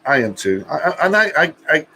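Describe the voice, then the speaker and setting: A man's voice: fairly high pitch, big pitch swings, brisk, bright, forceful tone, a little hiss or hum. Stammering joking man on a live stream. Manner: stammering, repeats words, joking and crude. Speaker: co-host of a live music chat stream. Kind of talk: casual banter.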